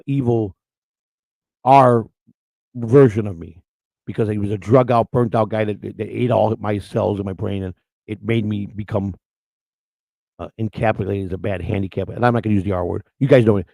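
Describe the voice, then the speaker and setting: Brief: outspoken middle-aged male host, quick rambling delivery, fry in the voice, dry mic. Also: on the low side, steady tone, dark tone, no echo, poor audio. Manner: outspoken, rambling with many restarts. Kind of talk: casual storytelling on camera.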